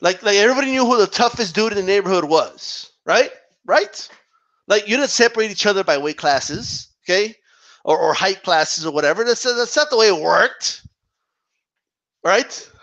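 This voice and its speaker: A boxing channel host delivering an emphatic opinion rant, repeating himself and tossing in rhetorical asides. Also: male voice, high voice, animated, moderate pace, a bit bright, highs cut off.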